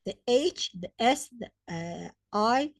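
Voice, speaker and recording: Slow, lively-voiced woman teaching grammar. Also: on the high side, vocal fry, dry recording, studio quality. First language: Arabic. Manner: spells out letters and repeats examples with emphasis; hesitant fillers between points. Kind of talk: slow, deliberate grammar lesson.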